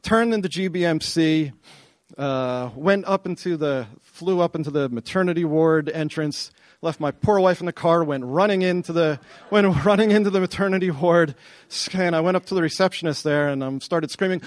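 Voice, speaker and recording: A middle-aged man telling a personal story to an audience, animated and excited, often repeating himself as he goes. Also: a little high, moderate pace, no echo. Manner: animated, excited retelling with self-interruptions and repeats.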